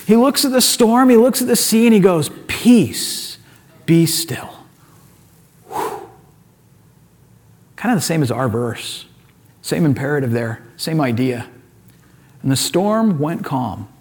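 High-voiced man preaching a lively sermon. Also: normal speed. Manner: animated storytelling, acting out quoted characters in casual voices. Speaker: pastor.

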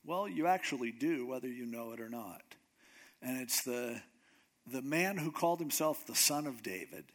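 A man's voice: medium pitch, expressive, normal speed. A man preaching a sermon in a conversational way, sometimes acting out the voices of the people he quotes. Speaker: pastor.

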